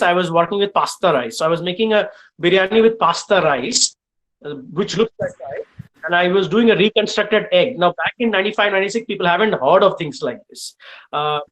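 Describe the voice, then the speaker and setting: Animated Indian man telling kitchen stories. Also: sits high, low-quality recording. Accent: Indian English. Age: middle-aged. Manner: animated, frequent uh fillers, lively storytelling. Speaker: guest chef speaking to students. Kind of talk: storytelling in a live online session.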